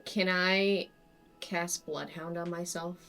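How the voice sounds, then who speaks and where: A woman's voice: fairly low pitch, fairly even intonation, slow pace, fairly bright tone, faint music behind. A woman playing in a tabletop game, chatting casually with many likes. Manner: chatty, filler-heavy. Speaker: player.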